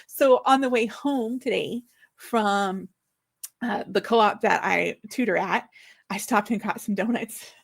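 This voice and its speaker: A woman in her forties, an author, hosts the livestream for her own book launch, chatting casually in an excited, slightly flustered way. Her medium-pitched voice is creaky and she speaks slowly.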